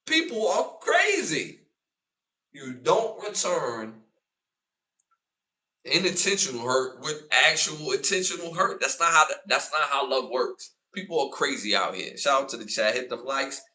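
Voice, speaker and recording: This live-stream podcast host has a mid-range voice at normal speed, captured far from the mic. He talks loosely with his chat, stays animated, hammers points by repeating them, and plays out arguments loudly.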